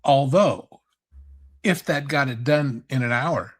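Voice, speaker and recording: A man's voice: mid-range voice, takes it slowly, husky. A man co-hosting a casual podcast, chiming in with reactions and joking asides. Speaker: podcast co-host. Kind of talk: casual chat.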